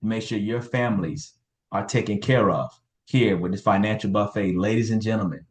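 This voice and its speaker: A man's voice: on the low side, moderate pace. A man hosting a motivational team call over video, hyping people up and repeating names and phrases. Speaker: call host.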